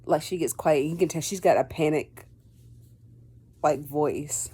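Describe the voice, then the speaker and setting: Low-voiced woman rambling through a story. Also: measured pace, mellow, slightly rough. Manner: rambling, heavy on fillers like "like" and "um"; acts out dialogue in quotes. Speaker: vlogger. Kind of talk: casual personal storytelling.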